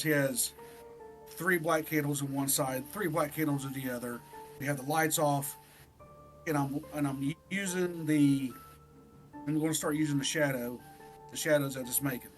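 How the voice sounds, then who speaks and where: A man co-hosting a podcast, telling a story in an animated, profane, casual way. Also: a little high. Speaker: podcast co-host.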